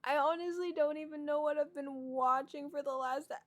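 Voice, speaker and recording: A woman's voice: high-pitched, fairly even intonation, normal speed. A woman reacting live while watching a movie, exclaiming and asking disbelieving questions.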